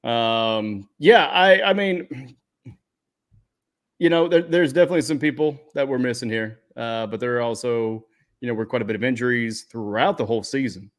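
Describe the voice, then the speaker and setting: Easygoing man talking football stats. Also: mid-range voice. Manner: laid-back, filler-heavy, unhurried. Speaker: fantasy football podcast co-host. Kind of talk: casual sports chat.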